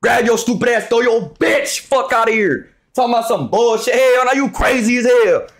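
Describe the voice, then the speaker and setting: Young male streamer, high-voiced, brash and profane, yells at chat constantly. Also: moderate pace. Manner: loud, profane, trash-talking, often shouting. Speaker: live streamer. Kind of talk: hyped live-stream chat with viewers.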